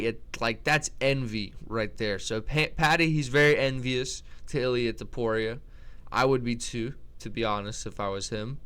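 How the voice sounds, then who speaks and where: Blunt, slangy man with a smooth voice. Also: medium pitch, bright, forceful tone. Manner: blunt, slangy, trash-talking, with lots of restarts. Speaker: MMA commentator ranking fighters. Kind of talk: casual opinionated commentary.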